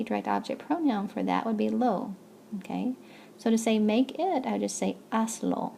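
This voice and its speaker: A woman's voice: mid-range voice, gravelly, mellow, slight background noise. A woman teaching a recorded language lesson, explaining step by step with patience and checking in with "okay?". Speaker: Spanish teacher.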